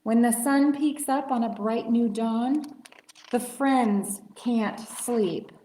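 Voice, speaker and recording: Library lady reading a bedtime story, slow and lively, echoey room. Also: a little high. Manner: slow and expressive. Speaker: children's librarian. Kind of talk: picture book read-aloud.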